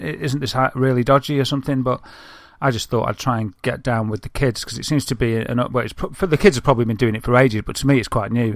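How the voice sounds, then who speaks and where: A man's voice: medium pitch, dry recording, studio quality. A man with a Northern English accent, co-hosting a casual podcast and rambling through stories with plenty of fillers. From Northern England. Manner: chatty, rambling storyteller with many fillers. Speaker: podcast co-host. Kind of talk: casual chat.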